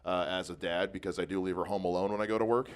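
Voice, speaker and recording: A man's voice: low-pitched, fairly even intonation, fast talker. A man doing a stand-up comedy set, self-deprecating about his cat, dating and weight.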